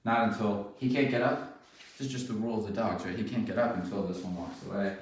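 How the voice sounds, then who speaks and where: Low-voiced man talking from far in an echoey room. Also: fast talker, slight background noise. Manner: relaxed, rambling, praises the dog often. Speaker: dog trainer. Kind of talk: casual explanation during training. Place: indoor room with dogs.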